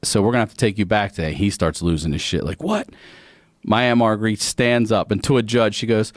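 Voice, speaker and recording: Animated storytelling man, low voice. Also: fast, no echo, clean studio sound. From Baltimore. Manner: animated, acts out voices and sings bits. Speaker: comedian guest. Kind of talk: storytelling in casual chat.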